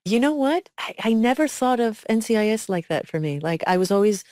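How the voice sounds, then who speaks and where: A woman's voice: fairly high pitch, fairly quick, no echo, studio quality. A woman co-hosting a podcast, chatting casually and reacting expressively. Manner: expressive, warmly reactive listener. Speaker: podcast co-host.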